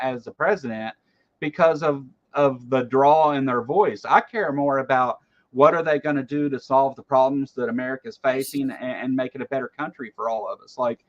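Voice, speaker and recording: A man's voice: medium pitch, moderate pace, lo-fi sound. A man hosting a livestream, giving blunt, casual political commentary and swearing freely. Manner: blunt, swears freely, reads chat aloud. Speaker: livestream host.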